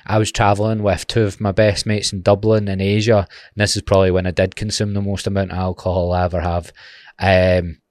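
Sweary Glaswegian young man, low voice. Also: dry recording, clean studio sound. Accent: Glaswegian Scottish. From Glasgow, Scotland. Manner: rambling, sweary and jokey, goes off on tangents. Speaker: podcast host. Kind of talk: casual solo podcast chat.

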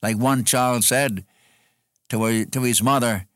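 A man's voice: medium pitch, slow pace, fairly bright tone, no room sound, studio quality. A man preaching an expository sermon in an earnest way, repeating phrases for emphasis.

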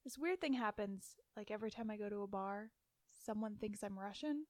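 A woman's voice: medium pitch, a little fast, no echo. A woman co-hosting a podcast, telling a story in casual chat, giggling and stumbling over names. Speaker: podcast co-host.

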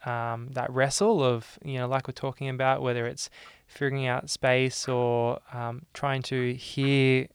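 A man hosting a casual interview, asking thoughtful, halting questions with many restarts. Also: medium pitch, flat delivery, clean tone, no room sound. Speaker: podcast host. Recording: dry close sound.

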